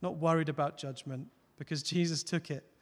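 Preacher guy giving a sermon, earnest, gets loud then goes soft, voice on the high side, lots of hall echo. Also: fairly even intonation, brisk. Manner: earnest, builds to loud emphatic peaks then drops soft. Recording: long hall reverb.

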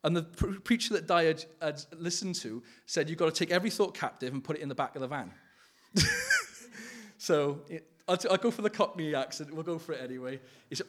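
A man preaching an informal sermon in a somewhat high voice, earnest and pleading. He laughs often and corrects himself mid-sentence. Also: fairly quick. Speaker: lay preacher. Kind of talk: informal sermon with personal testimony.

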